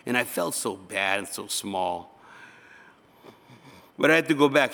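A man's voice: mid-range voice, lively intonation, unhurried, gravelly, long pauses, sharp tone. A male pastor giving a conversational sermon, acting out little dialogues. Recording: reverberant hall.

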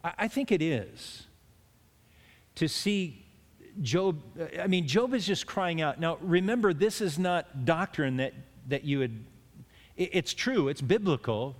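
Guy preaching a bible study, kinda high voice, lots of restarts, big echoey hall. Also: expressive, a little slow. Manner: plain conversational preaching with frequent restarts, rising when voicing Job. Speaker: pastor. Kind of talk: expository sermon.

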